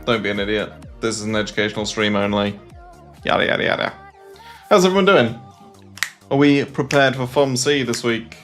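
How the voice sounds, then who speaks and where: A man's voice: fairly low pitch, level tone, brisk, fairly bright tone, faint music behind. A man chatting casually on a livestream about trading, rambling with plenty of fillers and restarts.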